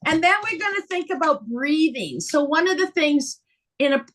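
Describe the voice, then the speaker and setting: Brief high, bright woman guiding laughter yoga on a video call, animated, laughs easily. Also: moderate pace. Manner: animated, breaks into laughter, guides breathing. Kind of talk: leading a live laughter yoga session.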